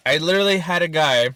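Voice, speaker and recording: A man in his thirties trades stories on a casual eating show. His voice is bright and forward, pitched a touch high, and sounds close and dry. He laughs often and swears freely as he talks. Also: no room sound. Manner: animated storytelling, frequent laughter and swearing. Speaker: podcast co-host. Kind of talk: casual chat while eating.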